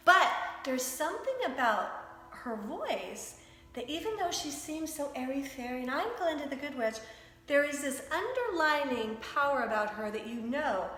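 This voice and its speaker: A woman's voice: high-pitched, lively intonation, moderate pace, bright, forceful tone. Chatty woman yoga teacher, echoey hall. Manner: chatty, demonstrative, breaks into voices. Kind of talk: yoga class instruction. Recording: echoey hall with long reverb.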